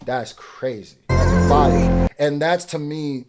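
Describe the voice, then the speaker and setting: A man hosting a music reaction video, casually commenting and swinging from quiet musing to loud, excited rants. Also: fairly high pitch, slow pace.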